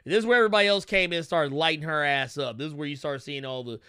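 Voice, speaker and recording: A man co-hosting a podcast, riffing in profane, animated casual commentary. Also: a little high, fast talker, clean tone, no room sound, studio quality. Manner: animated, swearing, laughing, mocking voices. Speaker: podcast co-host.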